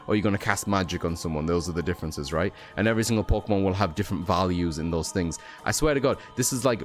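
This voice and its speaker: A tired young man chats through a video game, slightly low-pitched and rambling, tossing in fillers and offhand swears. Faint game music plays underneath him. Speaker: streamer. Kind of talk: casual gameplay commentary.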